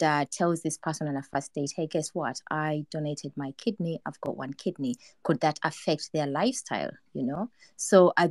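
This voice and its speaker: A woman's voice: deep voice, darkish tone, no room sound. A woman co-host with a Ugandan English accent giving earnest closing remarks in an online audio discussion. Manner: earnest, summing up points.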